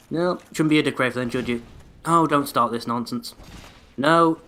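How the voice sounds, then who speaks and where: A man's voice: medium pitch, normal speed, sharp tone. A man giving sarcastic, sweary running commentary while he plays a video game. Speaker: let's play host. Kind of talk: gameplay commentary.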